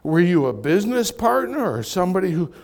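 A man acting out a puzzled grieving son who quickly questions a stranger during a sermon story. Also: sits high, sing-song, in a large hall.

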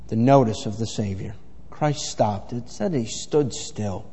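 A man's voice: mid-range voice, moderate pace, hardly any pauses, a little mellow. A middle-aged man preaching a sermon in a folksy, rambling storytelling way full of fillers. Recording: echoey hall with long reverb.

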